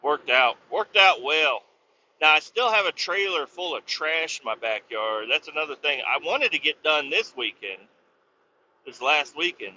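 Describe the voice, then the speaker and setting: Podcast host, man, rambling profane storyteller, slightly high voice, faint hiss in a dull recording. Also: animated, measured pace, bright, forceful tone. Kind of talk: casual storytelling.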